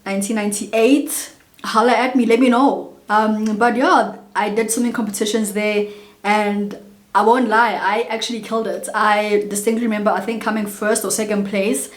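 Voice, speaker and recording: A South African woman in her late twenties, chatting casually and warmly as a vlogger, telling childhood stories with lots of asides to viewers. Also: medium pitch, echoey room. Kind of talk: casual get-to-know-me storytelling.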